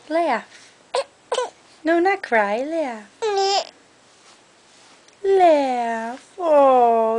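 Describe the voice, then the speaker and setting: High-pitched mother cooing baby talk. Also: animated, drawn-out words, long pauses, noisy background. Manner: cooing, sing-song baby talk with frequent laughs. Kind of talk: home video baby talk.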